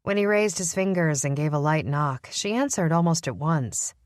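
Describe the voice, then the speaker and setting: Lady reading a novel out loud, low voice, measured, dead dry sound. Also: animated, no room sound. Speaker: audiobook narrator. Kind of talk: scripted narration.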